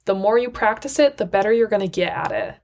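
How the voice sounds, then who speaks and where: A woman hosts a solo motivational podcast in an earnest, encouraging voice. She speaks warmly and directly to her listeners at a medium pitch. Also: expressive, fast. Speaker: podcast host.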